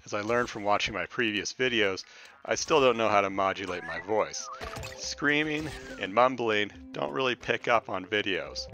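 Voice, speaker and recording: A young man giving casual let's-play commentary, talking to the game's creatures and swinging between loud outbursts and mumbling. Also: on the low side, animated, moderate pace. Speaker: gameplay commentator. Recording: game music behind the voice.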